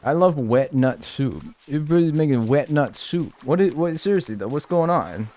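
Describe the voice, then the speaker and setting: Animated joking male streamer. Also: on the high side, moderate pace. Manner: animated, joking, reads and answers chat. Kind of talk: casual live-stream chat.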